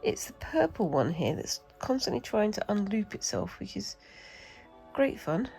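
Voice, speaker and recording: A woman's voice: medium pitch, sing-song, unhurried, vocal fry, darkish tone, soft background music, rough recording. A British woman with a cold, chatting and rambling casually as she demonstrates a craft, talking to herself while she works. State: has a cold. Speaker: craft vlogger.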